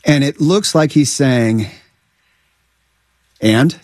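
A man's voice: medium pitch, very animated, normal speed, slight background noise. A man who is a comedian guest, chatting casually and slipping into exaggerated quoted voices.

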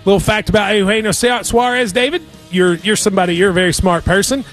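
A man's voice: sits high, fast, soft background music. A man hosting a sports radio show, joking around in casual chat. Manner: jokey, animated, laughs often.

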